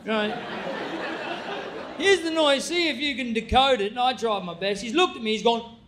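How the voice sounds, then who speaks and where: A man with an Australian accent doing stand-up comedy in an animated, shouting delivery. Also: very high-pitched, moderate pace, long pauses, a faint crowd, slight background noise.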